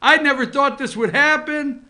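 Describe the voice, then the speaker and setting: A man's voice: very high-pitched, normal speed, pitched above the performer's own voice, exaggerated voice. A man voicing a proud, eager male military dog who boasts and begs to be petted. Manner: excited, fawning and boastful.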